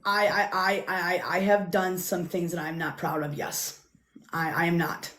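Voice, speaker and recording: Woman, earnest apology, halting delivery, lowish voice, roomy sound. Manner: halting, repeats herself, calm and earnest. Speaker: livestream guest. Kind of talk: public apology on a livestream.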